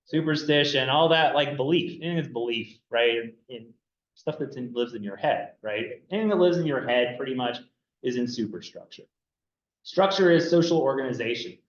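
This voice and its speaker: A man's voice: mid-range voice, moderate pace. A man giving a casual classroom lecture on anthropology, chatty and loose, full of fillers and "right?" checks to the students. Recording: dull roomy classroom recording.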